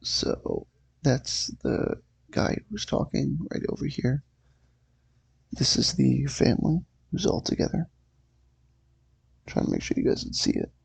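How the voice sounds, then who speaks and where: A man hosting a show where he reads a comic aloud, making relaxed, offhand asides about the pages. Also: mid-range voice, unhurried, gravelly, long pauses, slightly rough. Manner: laid-back, offhand asides. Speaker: host. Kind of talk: reading a comic aloud on camera.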